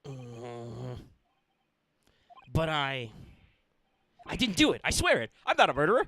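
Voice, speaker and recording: A man's voice: on the high side, very animated, moderate pace, pushed and bright, slight background noise. A man voicing an anxious young male defendant in a video game, asking startled, earnest questions. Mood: worried.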